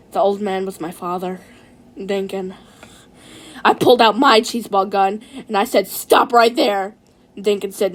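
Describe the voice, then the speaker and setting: A woman telling a rambling, silly first-person adventure story, excitable and stumbling over her words. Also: medium pitch. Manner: excitable, restarts and repeats words.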